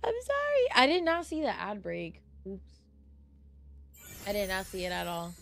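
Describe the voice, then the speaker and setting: A woman's voice: medium pitch, big pitch swings, unhurried, creaky, fairly bright tone. A young adult woman streaming a horror game live, easily spooked and swearing, chatting to viewers and thanking them between frights. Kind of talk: casual live gameplay streaming.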